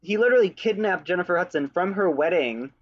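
A man's voice: sits high, lively intonation, fast talker. A man co-hosting a podcast, recapping a movie in loose, joking chat full of "like" fillers. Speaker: podcast co-host. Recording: dull lo-fi audio.

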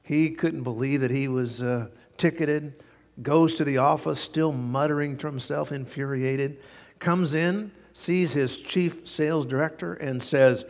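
Man pastor, folksy sermon, fairly high voice, long reverb. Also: fairly even intonation, measured pace, a little mellow. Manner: folksy storytelling with frequent fillers.

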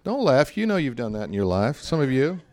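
A man's voice: mid-range voice, sing-song, a little fast, a little mellow. A man, a pastor, giving a sermon in a conversational, humorous style full of anecdotes.

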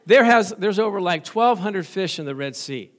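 A man's voice: high voice, expressive, normal speed. A middle-aged male pastor preaching a sermon in a folksy, joking way, often asking the congregation for an amen.

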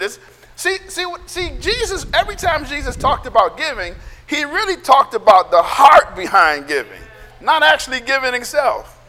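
Male pastor preaching, loud and nearly yelling, with a bright and very high voice. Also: sing-song, fairly quick, big-room sound. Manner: loud, emphatic, sounds like yelling; calls for amens from the congregation. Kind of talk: sermon.

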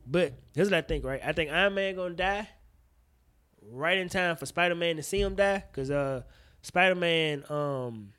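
A man in his thirties co-hosting a casual podcast, talking about movies in an animated, slangy, profane way. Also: on the high side. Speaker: podcast co-host.

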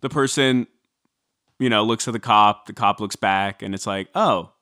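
A man co-hosting a podcast, chiming in with quick, joking comments in casual chat. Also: on the low side, bright, forceful tone, clear, resonant tone, dry recording, clean studio sound. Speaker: podcast co-host.

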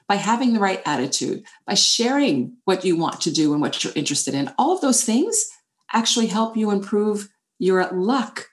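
Lively, expressive woman author. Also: mid-range voice. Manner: animated storytelling, acts out inner voices. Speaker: author and former CEO. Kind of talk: interview answers.

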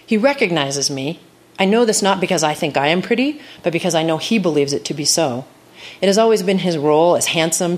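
Lively low-voiced woman reading aloud. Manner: wry, storytelling delivery. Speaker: essayist reading her work. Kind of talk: live reading of a personal essay. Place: stage at a live reading event.

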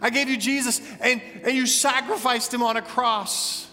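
A man's voice: extremely high pitch, fairly even intonation, moderate pace, bright, forceful tone, in a large hall, voice pushed up. A man voicing a heartbroken pleading God. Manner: raised, impassioned pleading questions. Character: pleading heartbroken God, male, grieving over people.

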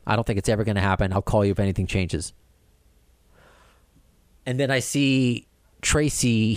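Animated man telling a rambling story. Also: medium pitch, no echo, clean studio sound. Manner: animated, rambling with many restarts and quoted dialogue. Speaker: podcast host. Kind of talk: casual storytelling chat.

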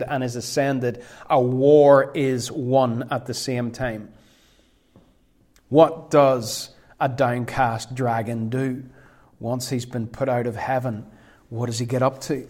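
A man preaching a sermon, emphatic, slowing right down whenever he quotes scripture. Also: mid-range voice, darkish tone.

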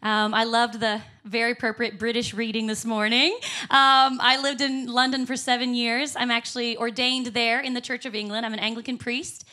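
A woman preaches a sermon in church, upbeat and emphatic, often breaking into a laugh. Her voice sits high and rings bright. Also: little pitch movement, normal speed. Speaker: pastor.

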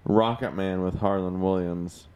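A man co-hosting a podcast in casual chat, laughing easily and reading news items aloud with halting restarts. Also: deep voice, steady tone, darkish tone. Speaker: podcast co-host.

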